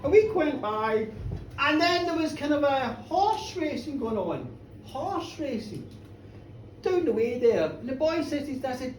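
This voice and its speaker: Storyteller, animated and high, roomy live bar sound from a distance, crowd bidding along. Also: moderate pace, a little hiss or hum. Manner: animated, playful, loud sound effects and audience bidding.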